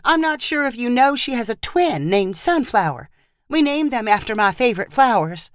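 A woman's voice: a little high, animated, normal speed, dry recording, studio quality, voice pushed up, natural voice. A woman voicing a nervous, flustered middle-aged mother in a storybook reading, babbling fretfully.

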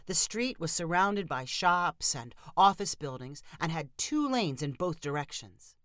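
A woman narrating a storybook in a steady, even reading. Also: low-pitched, unhurried, no room sound, clean studio sound.

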